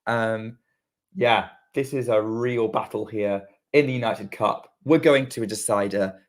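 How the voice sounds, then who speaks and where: A man's voice: on the low side, steady tone. A British man co-hosting a casual tennis watchalong, calling the rallies live and chatting between points. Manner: running play-by-play, quickens during rallies. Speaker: podcast co-host doing live commentary.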